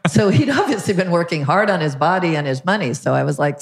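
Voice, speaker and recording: A woman's voice: fairly low pitch, fairly quick, hardly any pauses. An older woman, a podcast guest, telling a story and acting out what others said. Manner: lively storyteller who acts out quotes. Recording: roomy echo.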